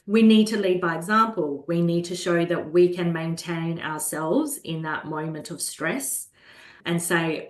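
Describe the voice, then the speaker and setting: A woman guest speaking calmly and earnestly in a conversational interview about caring for children. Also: lowish voice. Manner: calm, earnest, slows down when acting out soothing a child. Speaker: guest, children's holistic health practitioner. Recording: roomy echo.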